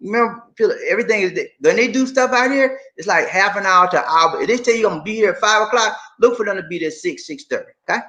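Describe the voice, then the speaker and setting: A middle-aged man chats on a live stream in a high, bright voice and answers viewers as he goes. He is emphatic and repeats himself, calling his audience "man" and "y'all". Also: animated, fast talker, few pauses. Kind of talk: casual live stream chat reading viewer comments.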